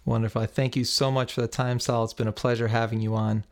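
A man hosting a podcast, running a quick question round with upbeat energy and reading the show's closing credits. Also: mid-range voice, little pitch movement. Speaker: podcast host. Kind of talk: interview and scripted outro.

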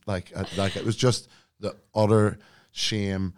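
Low-voiced man telling a story. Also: normal speed, very noisy. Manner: animated, acts out quotes, laughs through the story. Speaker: podcast guest. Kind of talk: casual storytelling chat.

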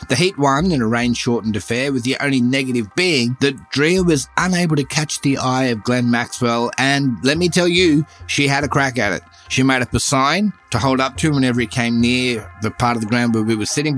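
A middle-aged Australian man hosting a podcast, telling stories in a chatty, animated way and jumping up in pitch for emphasis. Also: a little fast, few pauses, faint music behind. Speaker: podcast host. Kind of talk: casual storytelling monologue.

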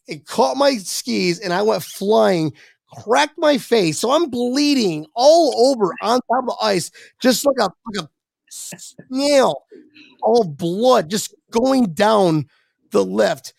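Casual storyteller, young man, raspy edge, swears a lot, mid pitch, dead-dry sound. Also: no echo. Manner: rambling, animated, swears freely, voices his younger self. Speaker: podcast guest.

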